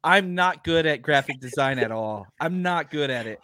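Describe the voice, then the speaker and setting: A man's voice: on the high side, expressive, moderate pace, pushed and bright, dry recording, studio quality. A man hosting a casual football podcast panel, his voice still strained and a bit worn, joking at his own expense. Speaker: podcast host.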